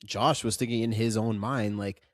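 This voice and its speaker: A man co-hosting a casual film review podcast, animated and quick to laugh, acting out lines from the movie. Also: lowish voice, no echo, studio quality. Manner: animated, laughs often, acts out quotes. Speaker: podcast co-host.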